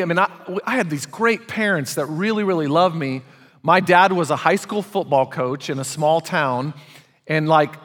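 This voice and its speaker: Animated preacher in a reverberant hall. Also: male voice, a little high. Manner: animated, conversational preaching with audience call-outs. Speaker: pastor. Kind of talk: sermon.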